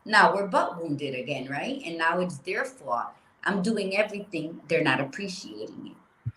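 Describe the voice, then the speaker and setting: A woman co-hosting a casual motivational chat, blunt and animated, swearing freely. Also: fairly low pitch, unhurried, echoey room, slight background noise, low-quality recording. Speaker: podcast co-host.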